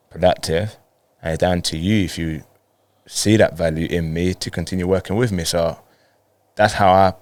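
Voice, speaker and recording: Deep-voiced laid-back footballer. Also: male voice, darkish tone, dry recording. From Colombia. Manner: laid-back, acts out dialogue in quick bursts. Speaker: professional footballer, guest. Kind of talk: casual storytelling interview.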